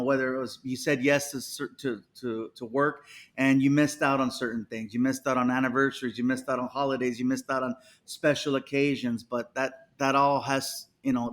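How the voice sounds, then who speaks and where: A man, a comedian guest, telling stories in a casual interview and acting out the people he quotes. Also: mid-range voice. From United States. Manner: animated, acts out quotes with voices.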